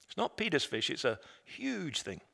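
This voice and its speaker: A man preaching a sermon, retelling a story dramatically and swinging between loud, emphatic lines and hushed, quiet ones. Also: a little high, huge pitch swings, normal speed, creaky, husky. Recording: long reverb of a large hall.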